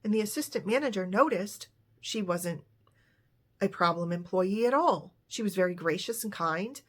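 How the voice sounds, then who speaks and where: A woman's voice: mid-range voice, expressive, moderate pace, breathy edge. Woman casually telling a true story. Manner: retells dialogue with light voicing of characters.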